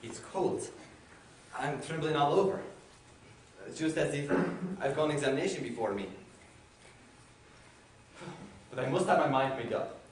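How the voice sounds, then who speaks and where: A man's voice: a little high, moderate pace, natural voice. An actor plays a jittery thirty-five-year-old suitor who stammers through stiff, formal phrases on a stage play. He sounds distant, carried through a very echoey hall with a faint hum behind. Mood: anxious. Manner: flustered, stammering, overly formal.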